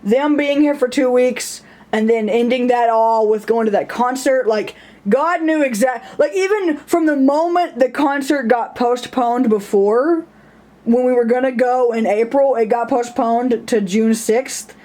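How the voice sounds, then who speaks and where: Her voice is on the high side with a dark tone, and she talks a little slowly. In her personal vlog she chats loosely and self-mockingly, frequently laughing and performing characters' voices in her anecdotes.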